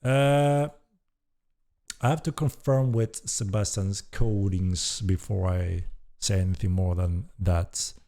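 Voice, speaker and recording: A man with a low-pitched voice speaks slowly as he hosts a casual live-stream Q&A in his role as a game developer. He reads chat questions aloud, relaxed and hesitant, swearing casually.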